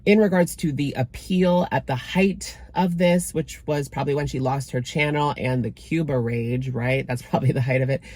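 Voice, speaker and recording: A man's voice: mid-range voice, normal speed, hardly any pauses, darkish tone, no echo. Male commentary host, casual delivery, dry sarcastic bite. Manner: sarcastic, dismissive.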